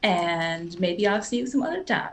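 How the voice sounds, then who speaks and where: A woman's voice: lowish voice, animated, moderate pace. A woman voicing a friendly, easygoing townsfolk guide in a tabletop game, with folksy, breezy speech.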